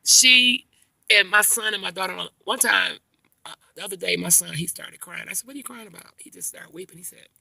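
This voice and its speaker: A woman's voice: medium pitch, normal speed, vocal fry, dry recording. A middle-aged woman, a grandmother, chatting casually in a vlog and telling long, rambling stories full of slang. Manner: rambling, animated storytelling with slang. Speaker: vlogger. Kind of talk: casual chat.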